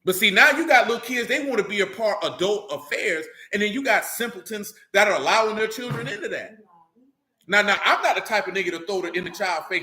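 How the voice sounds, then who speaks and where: Recorded with a roomy echo, a man from a religious group talks off the cuff, cursing freely, speaking bluntly, and constantly checking "you know what I'm saying." His voice is high and fast, with a pushed, bright sound.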